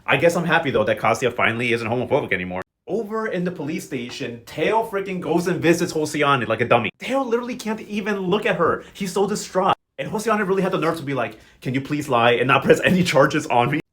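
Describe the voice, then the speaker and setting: A young man talks fast in a slightly high voice, recapping a soap opera like gossip with friends. His delivery is sassy and slang-filled, quick quips tumbling one after another. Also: big pitch swings, a bit bright. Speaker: recap vlogger.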